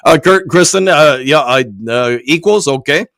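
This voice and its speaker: Male sports stream host, hoarse and deep from a cold, casual, reads out chat, dry close mic. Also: moderate pace, a bit bright, dry recording. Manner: casual, reads viewer comments aloud and answers each. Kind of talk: live-stream sports talk.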